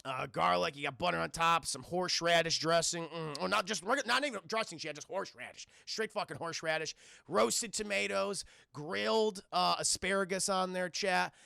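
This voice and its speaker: This streamer, a young man with a New York accent, answers his viewers' questions in a casual ramble full of swearing, speaking straight to his chat throughout. His voice sits high and sounds gravelly, bright, and forceful at a normal speed, in clean studio sound with no room tone.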